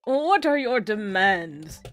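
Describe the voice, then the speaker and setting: A woman's voice: mid-range voice, very animated, slow pace, fairly bright tone, faint music behind, voice pushed down. A woman voicing a frightened male government minister who stammers and grows flustered while reading game dialogue aloud. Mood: anxious. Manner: flustered and stammering, rising into panic.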